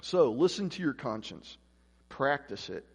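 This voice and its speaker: This man speaks at an unhurried pace in a husky, mid-range voice with vocal fry, sounding very animated. As pastor, he gives a relaxed, conversational sermon in church, playing out the quoted voices in his stories, and the hall around him echoes.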